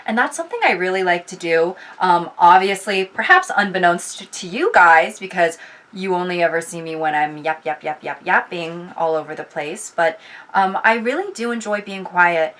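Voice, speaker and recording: A woman's voice: lowish voice, moderate pace, a bit bright. A young adult woman vlogger rambling casually to her viewers, chatty with giggly asides.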